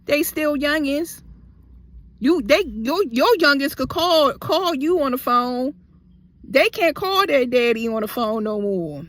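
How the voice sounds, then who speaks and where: A woman's voice: high-pitched, expressive, takes it slowly, fairly bright tone. A young adult woman in a heated storytime vlog, talking bluntly. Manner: blunt, heavy cursing, heated. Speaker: vlogger.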